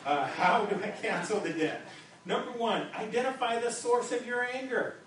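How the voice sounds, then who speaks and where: A man's voice: extremely high pitch, moderate pace, fairly bright tone. A male pastor preaching a sermon in a conversational way, often stumbling and repeating words as he restarts sentences. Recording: very echoey hall, distant mic, faint noise.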